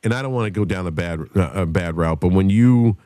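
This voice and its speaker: A man telling a profane story on a casual podcast, animated and loud in the telling. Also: deep voice, brisk, clear, resonant tone, no room sound, clean studio sound. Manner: animated storyteller, shouts when acting out others.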